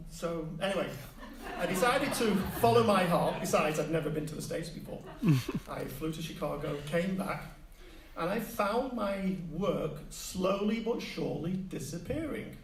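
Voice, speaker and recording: A middle-aged man from Manchester with a Mancunian accent, telling a humorous personal story to an audience in a playful, animated way. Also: high voice, moderate pace, far from the mic, slight background noise. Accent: Mancunian English. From Manchester, England. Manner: playful, animated, with mock sound effects. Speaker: public speaker. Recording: echoey room, voice a little off-mic, faint ambience.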